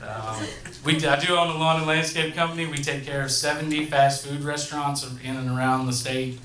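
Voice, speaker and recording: A man's voice: on the high side, fairly even intonation, fairly quick, fairly bright tone. A man in his thirties hosting a stand-up set in a comedy club, telling profane, conversational stories on a handheld mic. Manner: profane, conversational storytelling with crowd asides. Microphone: handheld stage microphone. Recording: echoey club room with crowd. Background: audience laughter.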